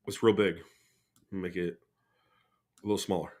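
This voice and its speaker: A man's voice: low-pitched, fairly even intonation, moderate pace, a little mellow. A man hosting a podcast in loose, rambling casual chat, swearing freely. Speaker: podcast host.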